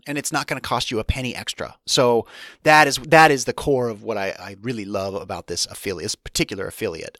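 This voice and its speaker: A man's voice: medium pitch, a bit bright, dry recording, studio quality. A man hosting his own podcast alone, talking casually and candidly with many restarts and asides. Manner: rambling, restarts often, candid. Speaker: podcast host. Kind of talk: solo podcast monologue.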